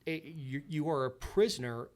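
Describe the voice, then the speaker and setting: A man's voice: on the high side, moderate pace, a little mellow. A man guest on a podcast, telling his story earnestly and often repeating words and restarting his sentences.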